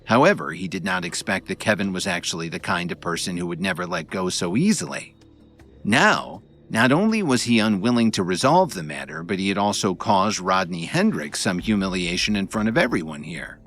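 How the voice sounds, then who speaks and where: Man, audiobook narrator, lowish voice, lively intonation, dramatic, faint background music. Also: a little fast. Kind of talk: audiobook narration of a web novel.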